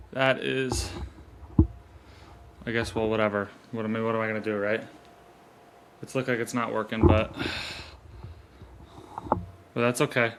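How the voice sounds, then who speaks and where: A man talks straight into a desk mic on a stand, hosting his own podcast. He moves from earnest motivational lines to loose, rambling chat. His voice sits at an ordinary middle pitch over a faint background hiss. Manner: earnest, rambling, fixes gear mid-recording. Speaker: podcast host. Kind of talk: solo motivational podcast talk.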